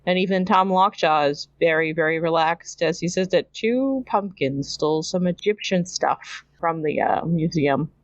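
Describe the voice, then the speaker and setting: A woman's voice: on the low side, moderate pace, few pauses, dry recording, muffled recording. A woman from Canada hosting a podcast, casually recapping a cartoon episode, laughing often and imitating characters as she quotes them. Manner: chatty, laughs often, mimics characters when quoting. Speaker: podcast host.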